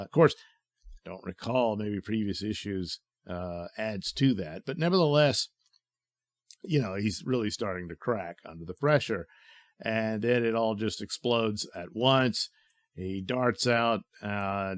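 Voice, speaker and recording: A man's voice: lowish voice, no echo, studio quality. A man giving a casual, rambling recap of a comic book as a host, with many fillers and exclamations, and he chuckles as he talks. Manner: chuckles while talking.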